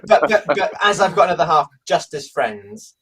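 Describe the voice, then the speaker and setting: A man's voice: on the high side, very animated, moderate pace, a bit bright. A man guesting on a casual podcast, laughing often and telling stories with animation.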